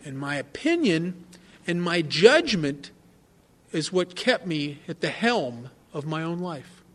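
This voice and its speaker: A man's voice: on the high side, very animated, slow, fairly bright tone. A man giving a candid, self-mocking personal testimony at a recovery meeting, often turning to the listeners with asides.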